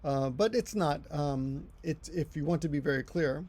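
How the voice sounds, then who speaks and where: A middle-aged Japanese language teacher gives a casual lesson in a fairly high, slightly mellow voice at a moderate pace. He rambles, corrects himself as he explains, and drifts into chatty asides.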